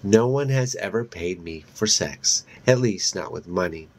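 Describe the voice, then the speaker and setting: A centuries-old female vampire from a horror audiobook, put on by a man reading aloud, taunts her prey in a sugary, mocking tone. She speaks low and unhurried, with slow menace. Her cruelty comes across as playful. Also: animated, a little mellow. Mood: menacing.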